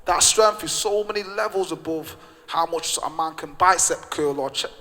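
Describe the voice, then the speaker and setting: Man, fairly high voice, animated storyteller, casual slang, echoey hall. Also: moderate pace. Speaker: gym owner and guest speaker. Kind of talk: storytelling talk to a live audience. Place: event room with an audience. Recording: reverberant hall.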